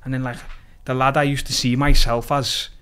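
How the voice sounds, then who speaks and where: A man from Liverpool with a Scouse accent, a podcast guest lively retelling his story with quoted dialogue and plenty of swearing. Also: mid-range voice, normal speed, clear, resonant tone. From Liverpool, England. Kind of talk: casual storytelling interview.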